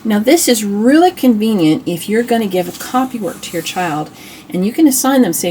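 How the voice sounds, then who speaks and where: Her medium-pitched voice is expressive and dark-toned, and she talks a little fast against slight background noise. A middle-aged woman running a homeschool channel, she gives an admiring, casual show-and-tell review of old reading books, full of restarts and side comments.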